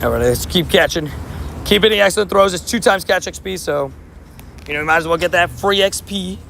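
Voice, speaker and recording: A young man streaming a mobile game while walking outdoors, chatting and joking at himself, his voice a little hoarse. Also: high-pitched, brisk, fairly bright tone, slight background noise. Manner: chatty, joking, self-mocking banter. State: slightly hoarse, losing voice. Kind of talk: casual livestream commentary while playing.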